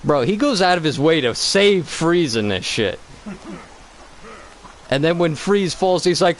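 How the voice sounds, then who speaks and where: A man's voice: on the high side, animated, unhurried, long pauses, background noise. A man co-hosting a gaming channel, talking in a loose, rambling, profane way about a cartoon movie. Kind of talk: casual gaming commentary.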